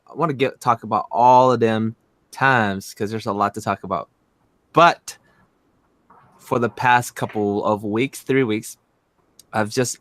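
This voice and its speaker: A man co-hosting a casual livestream, telling stories in an excitable, rambling way with many fillers. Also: mid-range voice, dry recording. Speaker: streamer and co-host.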